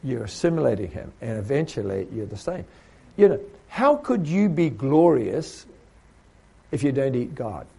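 A man's voice: mid-range voice, very animated, normal speed, gravelly, dark tone, slightly rough. A man preaching a sermon to trainees, asking rhetorical questions and now and then mimicking the voices of other people.

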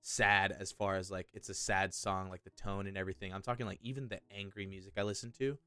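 A young man telling stories in casual podcast chat, animated and slangy, swearing often. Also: low voice, fast, clear, resonant tone, faint music behind. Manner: animated, profane, slangy storyteller.

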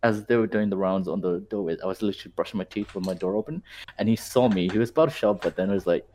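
A man's voice: sits low, fast talker, a little mellow. A young man in his twenties, a former university student, rambling through a casual story with fillers and some swearing. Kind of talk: casual chat.

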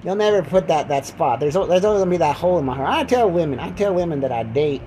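A man's voice: fairly high pitch, animated, fast talker, warm tone, slight background noise, rough recording. A man hosting a casual podcast, rambling and repeating himself while joking around as he lies down. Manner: rambling, repeats words, jokey. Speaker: podcast host. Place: lying down indoors.

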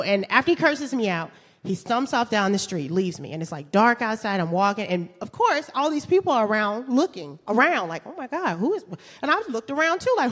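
A woman's voice: medium pitch, a little hiss or hum. A woman telling a funny personal story on stage, laughing through her punchlines. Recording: roomy hall reverb.

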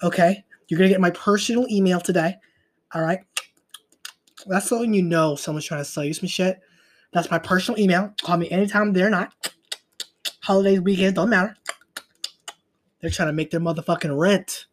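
A man's voice: high voice, brisk, long pauses, slight background noise. Profane rambling young man podcaster. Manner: profane, rambling, trails off into mutters. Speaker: podcast host. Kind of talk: casual solo podcast rant.

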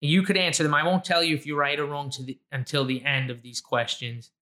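A man's voice: fairly high pitch, steady tone, a little fast, bright, forceful tone. A man running a casual trivia quiz with a friend, playful and teasing, laughing often. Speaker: trivia quizmaster. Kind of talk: casual chat.

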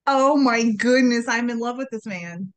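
A woman's voice: fairly high pitch, unhurried. A woman co-hosting a casual chat, reacting with enthusiastic exclamations. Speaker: podcast co-host.

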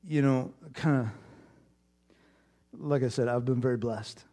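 A man preaching a sermon, telling a personal story with animated swings in volume and then dropping to a hushed, prayerful tone. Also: medium pitch, a little slow. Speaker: pastor.

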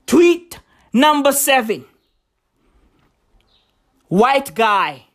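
A vlogger reacting to tweets, this man has a high, very animated voice with a fairly bright tone, speaking slowly and pausing often. His casual commentary is profane and emphatic, full of swearing and repeated rhetorical questions.

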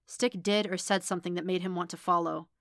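A woman's voice: fairly low pitch, steady tone, fairly quick, fairly bright tone, dry recording, studio quality. A woman voicing an anxious young male college student who speaks urgently.

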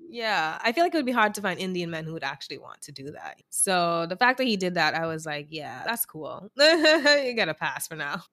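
A woman's voice: fairly low pitch, big pitch swings, a little fast, hardly any pauses, pushed and bright. A woman co-hosting a podcast, recapping a reality show in casual chat, laughing often and swearing freely. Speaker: podcast co-host.

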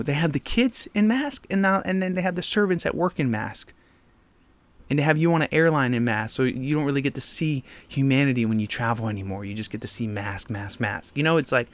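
This solo podcast host has a medium-pitched, slightly bright male voice. He talks directly to his audience in a blunt, heated rant full of casual slang.

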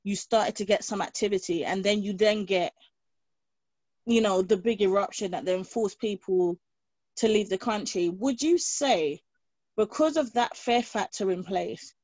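A woman interviewer asks careful, drawn-out follow-up questions in a steady voice. The sound is dry and slightly muffled. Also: medium pitch, no room sound.

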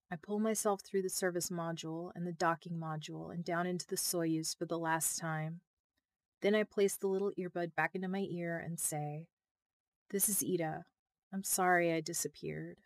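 A woman narrates her own novel in the first person on a close mic. Her voice sits fairly low and she reads in an intimate, emotional way. The recording is dry with no room sound. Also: no room sound. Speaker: author reading her novel.

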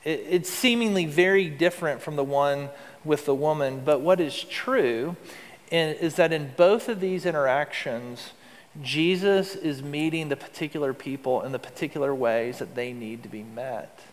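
A man preaching in an earnest, conversational way, asking his listeners questions as he goes. His voice sits a little high for a man. The long reverb of a hall trails behind him. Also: normal speed. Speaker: pastor. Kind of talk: sermon.

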